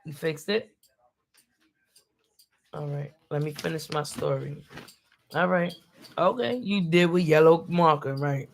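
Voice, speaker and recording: A woman's voice: medium pitch, animated, unhurried, fairly bright tone. A middle-aged woman, a mother, telling a long story in casual streetwise slang while breaking off to check a child's homework, acting out the people she quotes. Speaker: parent, vlogger.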